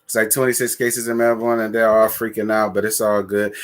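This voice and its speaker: A man hosting a casual live stream who chats with his viewers in a sassy, blunt and profane way, giving shout-outs and calling for likes. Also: on the low side, little pitch movement, brisk, few pauses.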